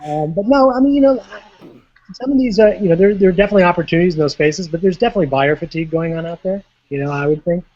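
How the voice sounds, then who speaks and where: A man's voice: high voice, very fast, a little mellow, highs cut off. A man speaking as a panelist in a casual discussion, stammering and restarting sentences over a remote call.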